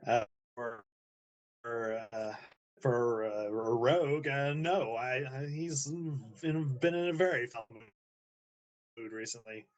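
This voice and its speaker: A man's voice: medium pitch, slow, pauses often, dull audio. A man playing a tabletop game, casual and hesitant, often restarting his sentences. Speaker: player.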